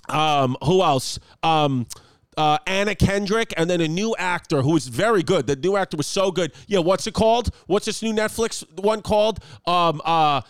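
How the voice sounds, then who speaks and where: A man's voice: sits high, clean tone, no echo. A man in his thirties hosting a casual podcast from home, rambling and joking with plenty of swearing. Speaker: podcast host and comedian. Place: home apartment.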